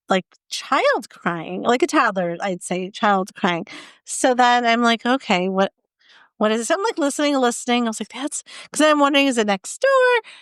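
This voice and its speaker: A young adult woman co-hosting a podcast, chatting casually and telling stories in an animated way, acting out her own reactions. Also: a little high, clear, resonant tone, no echo. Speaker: podcast co-host. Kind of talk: casual chat.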